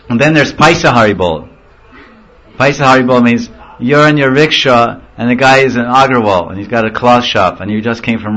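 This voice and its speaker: A man's voice: medium pitch, a bit bright. A man giving an informal religious talk, telling anecdotes with laughter and acting out voices. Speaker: spiritual teacher. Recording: muffled lo-fi recording.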